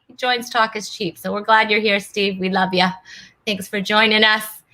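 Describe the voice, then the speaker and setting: Bright, bubbly woman hosting a live show. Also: mid-range voice, little pitch movement, normal speed. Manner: bubbly, chatty, laughs often. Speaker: host. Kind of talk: casual live-stream chat.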